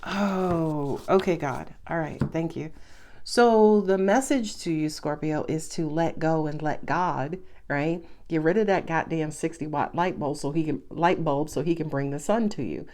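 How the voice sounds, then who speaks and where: A woman's voice: low-pitched, measured pace, darkish tone. A woman giving a casual tarot reading to her viewers, talking bluntly and chattily and laughing often. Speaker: tarot reader.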